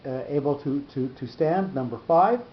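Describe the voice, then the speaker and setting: A man teaching a study session who explains slowly, with fillers and restarts. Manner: halting, many restarts and fillers, slows to spell out terms. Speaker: Torah teacher. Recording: dull echoey room with faint rumble.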